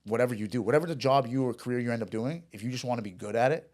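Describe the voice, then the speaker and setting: A man's voice: medium pitch, rapid-fire, darkish tone. A man telling a story in a casual chat, rambling and profane, with restarts and acted-out dialogue. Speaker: podcast guest.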